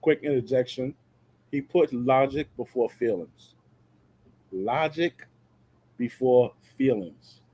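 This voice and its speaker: Blunt man with a dark husky voice. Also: medium pitch, dull audio. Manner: preachy, blunt, slow and emphatic on key words. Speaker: reviewer host reacting to a clip. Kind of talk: reaction commentary.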